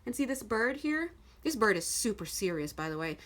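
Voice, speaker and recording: A woman with a fairly high voice talks through a tarot reading in a casual, chatty way. She speaks straight to the viewer and stays animated, often breaking into laughs. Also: fairly quick. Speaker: tarot card reader.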